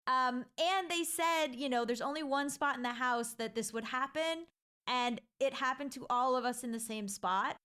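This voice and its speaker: A woman's voice: sits high, moderate pace, bright, forceful tone, clear, resonant tone. A woman telling a personal ghost story in a chatty, casual way, full of filler likes and restarts.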